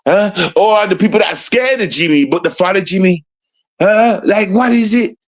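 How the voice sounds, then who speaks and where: A man's voice: high voice, moderate pace, low-quality recording. A man hosting a live stream show, taunting and mocking someone with a stream of rhetorical questions and repeated call-outs to his audience. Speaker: show host.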